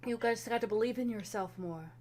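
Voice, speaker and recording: A woman narrating a tabletop vampire game as game master, animated and quick to laugh. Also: fairly high pitch.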